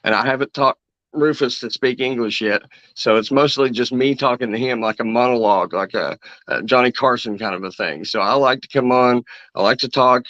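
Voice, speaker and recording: A man with a Kentucky accent chats as a guest in a sarcastic, joking way. His voice is bright and forceful, dry and up close on muffled, lo-fi audio. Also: mid-range voice, brisk, dry recording. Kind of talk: casual chat.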